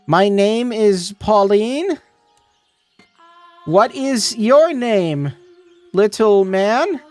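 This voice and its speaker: A man's voice: high-pitched, big pitch swings, unhurried, no echo, soft background music, voice pushed up. A man voicing an earnest, polite young foreign woman traveler as he reads a visual novel aloud. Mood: earnest, careful. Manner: gentle, careful, overly polite.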